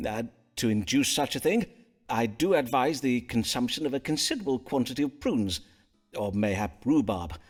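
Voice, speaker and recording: An actor playing a learned, courteous Elizabethan astrologer and doctor who speaks in florid, archaic phrases. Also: male voice, mid-range voice, lively intonation, normal speed, close to an everyday voice. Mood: grave. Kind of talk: period game voice acting.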